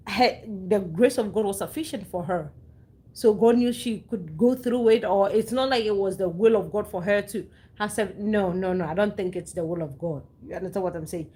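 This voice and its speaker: A woman's voice: medium pitch, moderate pace, mellow. Brief: young woman, heartfelt personal talk, emotional and earnest, frequent restarts. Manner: earnest and emotional, with many restarts and repeated phrases. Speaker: host sharing a personal story.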